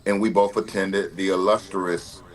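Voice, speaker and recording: Lower-voiced man telling stories. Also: moderate pace, crowd noise. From Mississippi, US. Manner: animated storyteller, frequent uh and repeated words. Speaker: guest. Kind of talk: conversational storytelling.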